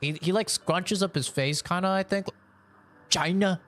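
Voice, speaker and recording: A man's voice: high voice, normal speed, a bit bright. Young man streamer, joking and swearing. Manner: loose, joking, swears freely and laughs often. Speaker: gaming streamer. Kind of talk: casual live-stream chat, reading chat requests.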